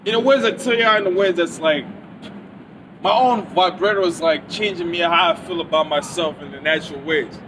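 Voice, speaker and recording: A man's voice: sits high, normal speed, noisy background. A man rambling through a profane, repetitive monologue into his phone outdoors. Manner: profane, rambling, repeats himself.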